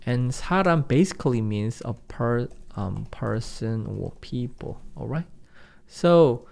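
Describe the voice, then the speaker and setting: A young Korean man teaching his native language in English with a Korean accent, drilling phrases at fast speed and insisting on serious practice. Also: medium pitch, lively intonation, vocal fry, a little mellow. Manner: drills phrases in rapid repetitions, earnest and insistent. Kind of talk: online language lesson.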